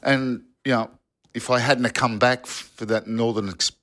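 A former footballer telling old yarns in a casual podcast chat, rambling with restarts and asides. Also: male voice, mid-range voice, fairly even intonation, normal speed, a bit bright. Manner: rambling storyteller with restarts and "you know". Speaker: football pundit, former player.

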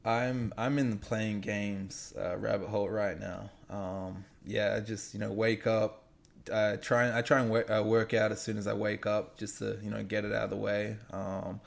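A young man with a faded Australian accent talks in a low, flat, gravelly voice. He answers questions in an easygoing, unhurried way, stopping and restarting with lots of "um" and "you know". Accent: Australian, somewhat faded. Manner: laid-back, halting, many fillers. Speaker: guest athlete. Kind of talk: casual remote interview.

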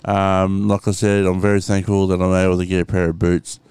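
An Australian man rambling casually in a home vlog, slow and full of ums, swearing freely. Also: sits low, little pitch movement, a little mellow, clear, resonant tone, no echo. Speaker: vlogger. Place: room at home with window open.

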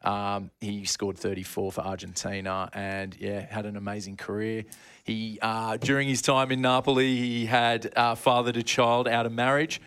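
A man's voice: on the low side, flat delivery, normal speed, fairly bright tone, clean tone. A man co-hosting a casual sports podcast, telling a long story in a rambling way and laughing at his own slips. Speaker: podcast co-host.

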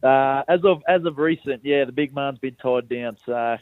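A man's voice: medium pitch, normal speed, no echo, narrow, tinny audio. A young man with a rural Australian accent chats easily as a radio guest over the phone. He talks in a laid-back, self-mocking way with a mid-range voice. The sound is dry and close. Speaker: rugby league player guest. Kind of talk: casual radio interview.

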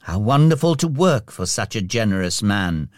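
A man voicing a gentle, probing ghost. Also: fairly low pitch, big pitch swings, no room sound, studio quality. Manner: gentle and measured.

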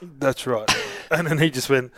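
A man's voice: medium pitch, a little slow, noisy background. A middle-aged Australian man, an interview guest, telling long casual anecdotes with lots of restarts. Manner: rambling anecdotes with many restarts. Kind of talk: casual storytelling.

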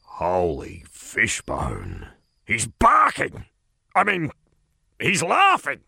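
A man's voice: a little high, huge pitch swings, unhurried, bright, forceful tone, breathy edge, no echo, studio quality, voice pushed up, full character voice. A man voicing a strict old male dog who teaches laughter, in a storybook reading. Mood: astonished. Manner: stern, commanding teacher.

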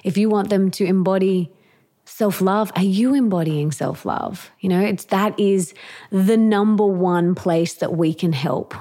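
Earnest woman guest with a mellow voice. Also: medium pitch, unhurried. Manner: earnest, emphatic, with lively acted quotes. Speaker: author and podcast guest. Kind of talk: conversational interview.

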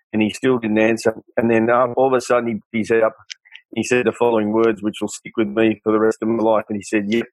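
A middle-aged Australian man, appearing as a guest in a candid interview, earnestly tells personal stories in a low-ish voice. He's an animated storyteller who quotes the people in his tales. The recording is rough.

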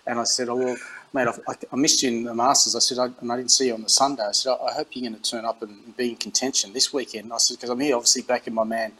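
A middle-aged Australian man tells stories in a relaxed interview. He acts out other people's lines with animation and restarts his sentences often. His voice sits at an ordinary medium pitch. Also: very fast, husky, poor audio. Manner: animated anecdotes, acts out quoted dialogue, frequent restarts. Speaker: interview guest, former rugby captain. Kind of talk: casual storytelling.

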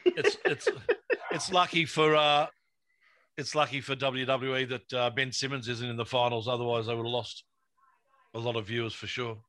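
A man's voice: medium pitch, normal speed, pushed and bright. A man hosting a podcast, casually moving topics along with jokes. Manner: joking, moves topics along. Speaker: podcast host. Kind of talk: casual chat.

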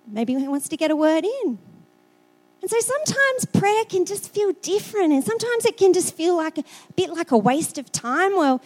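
A high-pitched middle-aged woman with an Australian accent delivers a sermon. She talks the way she would chat to friends, telling stories and sometimes repeating words as she thinks. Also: animated, normal speed, soft background music. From South Australia. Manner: conversational, storytelling, repeats words. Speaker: preacher.

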